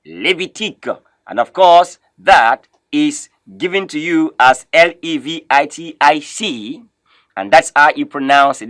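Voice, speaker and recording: A man leads a French pronunciation lesson and says each word several times so learners can copy it. His voice sits somewhat high. The sound is dry and close, and he keeps coming back to "of course". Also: a bit bright, dry recording. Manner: repeats words slowly for learners to copy. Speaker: French teacher. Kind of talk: classroom lesson, teaching pronunciation.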